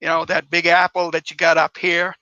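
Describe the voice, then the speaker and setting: A man's voice: a little high, monotone, fairly quick, bright, forceful tone, no echo, lo-fi sound. A man voicing a woman who fakes a folksy American Southern drawl, reading dialogue from his own novel. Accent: put-on American Southern. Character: woman vampire hunter faking a Southern drawl.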